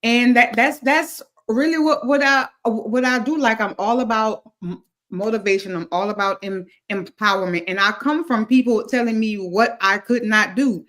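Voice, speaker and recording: A woman's voice: on the high side, normal speed, a bit bright. A woman who stutters, a guest and motivational speaker, talking earnestly and repeating words as she goes. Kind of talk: casual chat.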